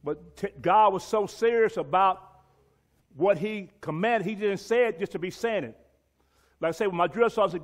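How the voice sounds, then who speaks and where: A man's voice: high voice, normal speed. A man teaching a Bible lesson and reading scripture aloud, emphatic and repeating key words for stress.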